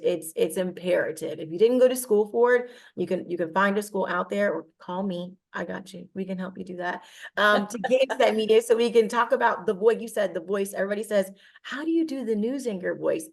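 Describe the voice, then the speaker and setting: A woman's voice: medium pitch, fairly quick, vocal fry. A woman from Cincinnati, a media personality, giving confident, direct advice as an interview guest. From Cincinnati, Ohio.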